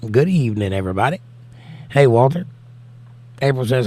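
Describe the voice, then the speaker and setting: A man's voice: medium pitch, expressive, normal speed, long pauses, darkish tone, no room sound. Brief: American male streamer, laid-back chat, reads comments in a sing-song lift. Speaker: livestream host. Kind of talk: casual chat reading viewer comments.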